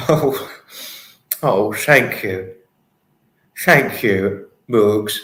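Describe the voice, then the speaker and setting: A man's voice: lowish voice, extremely slow, fairly bright tone, reverberant. A man hosting a casual livestream, reading chat comments and thanking viewers in an apologetic, effusive, giggly manner. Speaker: livestream host.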